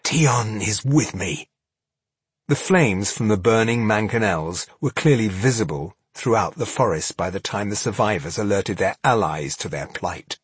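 A man reading fantasy fiction aloud as an audiobook narrator, with dramatic, measured storytelling. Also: on the low side, expressive, breathy edge, no echo.

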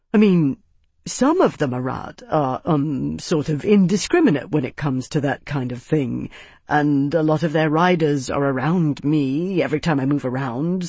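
A narrator voicing a young man, an embarrassed captain who talks haltingly and rambles with fillers, in an audiobook. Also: fairly high pitch, a little mellow, husky, no room sound. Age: young adult.

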